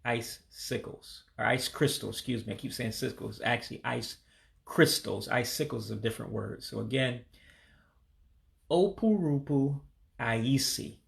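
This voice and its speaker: A man from Michigan, casually walking through a vocabulary lesson and repeating each word slowly, with frequent ums and uhs. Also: mid-range voice, steady tone, vocal fry, fairly bright tone. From Michigan, USA. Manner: repeats words slowly, hesitant with many fillers. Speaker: language learner teaching vocabulary.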